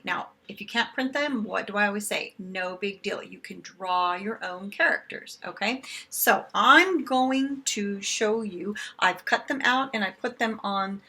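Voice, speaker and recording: A woman's voice: mid-range voice, pushed and bright. A woman teaching kindergarten, chatting simply to small children as she retells a picture book with paper puppets. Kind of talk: storybook retelling lesson for young children.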